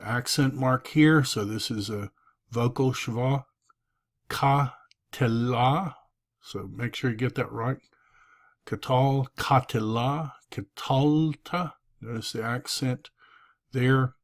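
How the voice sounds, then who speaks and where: A man teaching a recorded review lesson, drilling forms aloud in a slow, deliberate way with frequent fillers. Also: medium pitch, fairly even intonation.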